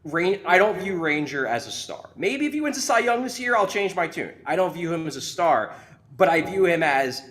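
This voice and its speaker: A man's voice: a little high, sing-song, moderate pace, a bit bright. A man guesting on a sports talk show, arguing his point emphatically and often repeating himself. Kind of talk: casual sports debate.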